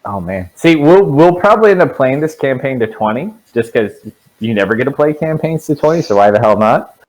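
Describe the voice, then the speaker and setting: A man's voice: mid-range voice, expressive, a little fast, rough recording. A young man running a tabletop game as dungeon master, joking with his players.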